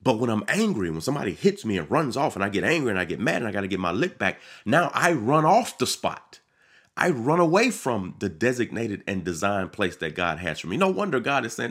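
A man delivering a sermon on his podcast, preaching with animated swings and acting out quoted voices. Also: fairly low pitch, brisk, husky.

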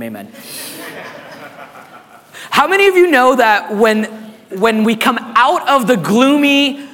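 A man preaching a sermon as pastor, hoarse and raspy, animated and calling on the congregation to respond. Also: very high-pitched, slow, long pauses, big-room sound.

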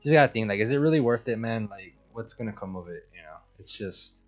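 A man's voice: on the low side, animated, quick pace, dull audio, soft background music. A man co-hosting a casual podcast, talking in a laid-back, reflective way with a lot of "like" and "man". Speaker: podcast co-host. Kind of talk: casual chat.

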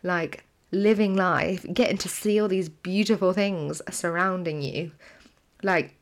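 A woman's voice: lowish voice, steady tone, a little slow. A woman co-hosting a podcast in casual chat, talking freely and laughing often. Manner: chatty, laughs often, uses "like" a lot. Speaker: podcast co-host.

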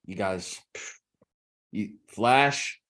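A man's voice: fairly low pitch, very slow, fairly bright tone. A man hosting a podcast in casual chat, sarcastic and swearing often.

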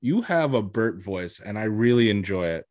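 A man's voice: fairly low pitch, lively intonation, moderate pace, a little mellow, dry recording. Young male podcast host, casual and chatty, laughs easily, dry close-miked voice. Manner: chatty, laughs often, says "like" a lot. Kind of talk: casual chat.

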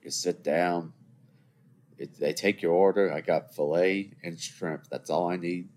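This podcast host in his twenties talks unhurriedly in a low-pitched, darkish voice with fairly even intonation, and slight hiss or hum can be heard. Seated at a computer indoors, he rambles chattily on his solo show and adds jokey asides for listeners.

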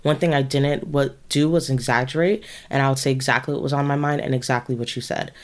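A woman's voice: a bass voice, steady tone, quick pace. A woman co-hosting a podcast, telling a personal story in casual chat, rambling with many fillers. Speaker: podcast co-host.

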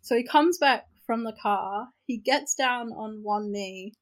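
A podcast co-host with a New Zealand accent tells a story in casual chat, frank and animated, swearing freely and saying "like" a lot. Her voice is a little high and her pace measured, on a rough recording.

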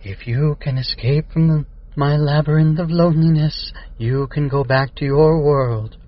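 A man's voice: on the high side, unhurried, dull audio, pitched above the performer's own voice. A man voicing a sad, lonely ghost creature with a wavering voice. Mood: forlorn.

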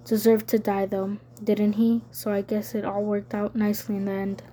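A woman's voice: medium pitch, completely flat delivery, normal speed, warm tone, lightly acted. A woman reading the lines of a hostile, sneering teenage boy in an audiobook. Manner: taunting, sneering.

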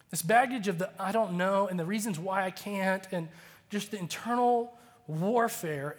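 A man in his thirties, a pastor giving a conversational, storytelling sermon that acts out the quotes. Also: sits high. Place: church auditorium.

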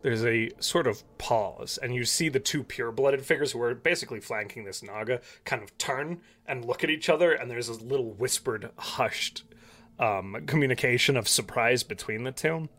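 A man's voice: medium pitch, moderate pace, a bit bright. A man narrating a tabletop game as game master, with a loose, descriptive delivery full of fillers. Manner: descriptive, many fillers and hedges.

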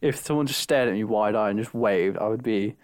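A man co-hosts a crude comedy podcast in a slightly low voice. He speaks in a laid-back, dry way, as if trading stories with a friend. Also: a little fast, no room sound. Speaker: podcast co-host.

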